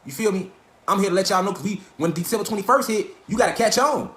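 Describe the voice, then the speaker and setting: Fast-talking, high-voiced man ranting. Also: fairly bright tone. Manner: profane, emphatic, repeats rhetorical questions. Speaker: online lecturer. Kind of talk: animated livestream rant. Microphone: phone or webcam.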